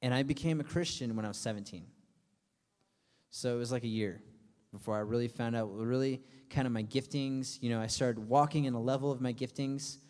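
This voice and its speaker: A man's voice: mid-range voice, a little fast, darkish tone. Young male youth pastor in a reverberant hall. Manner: casual and chatty, full of fillers, acting out friends' voices for laughs. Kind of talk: youth sermon.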